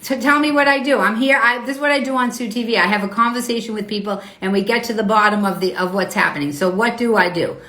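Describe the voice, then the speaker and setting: A woman's voice: fairly high pitch, fast, few pauses, bright, forceful tone. A woman hosting a live online talk show, arguing with her viewers in a confrontational, profane, indignant way. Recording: roomy echo.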